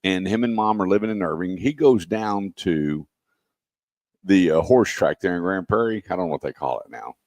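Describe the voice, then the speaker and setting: A man hosting a radio show, telling stories with lively quoted voices. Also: sits low, moderate pace, no room sound, studio quality. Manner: animated storyteller, acts out quotes. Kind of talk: casual radio chat.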